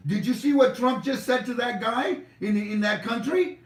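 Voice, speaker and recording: A man's voice: extremely high pitch, normal speed. A man hosting a livestream, talking in a rambling, jokey way. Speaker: livestream host. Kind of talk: rambling casual commentary. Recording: echoey room, far from mic.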